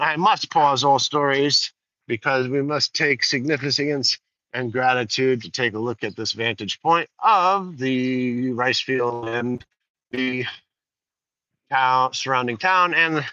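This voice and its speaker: A man's voice: mid-range voice, bright, forceful tone, no room sound, highs cut off. Rambling man hosting outdoor stream. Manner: digressive, chatty, folksy asides. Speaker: host. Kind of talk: rambling live walk-and-talk stream. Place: outdoors overlooking rice fields.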